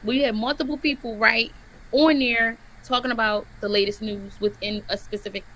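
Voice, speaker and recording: Bright-voiced woman hosting a chat. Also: fairly high pitch, steady tone, slight background noise, rough recording. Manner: asks guests questions, halting with fillers. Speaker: host. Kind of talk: casual livestream chat.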